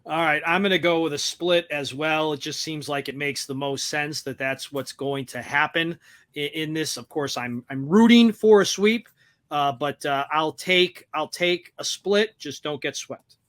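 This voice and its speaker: A man's voice: on the high side, fairly bright tone, no echo. Man host wrapping up a sports podcast. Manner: brisk, wraps up with show plugs. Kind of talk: casual sports talk.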